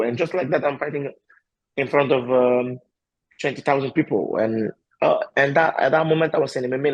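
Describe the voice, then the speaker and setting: A husky-voiced man speaks in broken, stopping and restarting often with fillers. He tells his story with lively bursts of feeling and a laugh now and then. The sound is dry and close, with no room around it. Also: mid-range voice, dry recording, poor audio. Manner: halting, many fillers and restarts, non-native grammar; animated, laughs while telling stories. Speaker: MMA fighter, interview guest. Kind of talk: casual interview answers.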